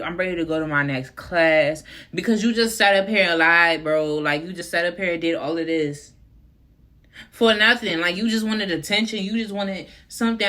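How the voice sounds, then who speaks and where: A woman's voice: mid-range voice, sharp tone. A young woman vlogger chatting through a storytime, full of fillers and talking to her viewers as y'all. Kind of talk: casual storytime monologue.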